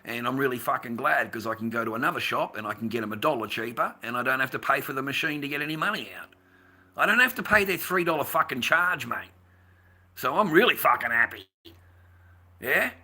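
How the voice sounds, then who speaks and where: A man's voice: medium pitch, lively intonation, fairly quick, sharp tone, slightly rough. A middle-aged man, ranting bluntly and profanely on a casual livestream, rambling with stammered restarts. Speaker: livestream host.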